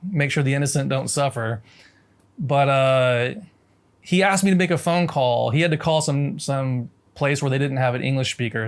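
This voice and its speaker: A man's voice: mid-range voice, clean tone. An American man telling a story as a language lesson, reflective and casual, with many restarts and fillers. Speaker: language teacher.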